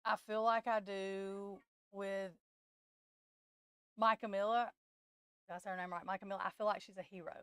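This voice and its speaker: A woman's voice: medium pitch, steady tone, brisk, clean tone, no echo, studio quality. A woman who hosts a tarot live stream, talking in a casual, emotional and blunt way that rambles.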